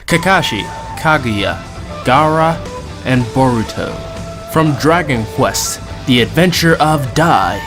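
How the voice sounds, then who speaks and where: A man giving an upbeat, casually self-deprecating update in a gaming video. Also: mid-range voice. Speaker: host. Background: background music.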